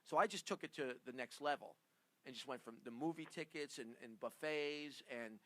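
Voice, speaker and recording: A man's voice: mid-range voice, moderate pace, fairly bright tone, no echo. A man hosting a radio talk show, chatting casually with guests, laughing often and tripping over his own words. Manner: rambling, laughs often, stammers and repeats himself. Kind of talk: casual studio chat.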